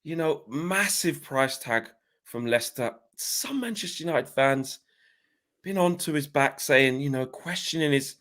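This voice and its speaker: A man impersonating a male football journalist slowly putting a question to a manager. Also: on the high side, expressive, fairly bright tone. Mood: probing.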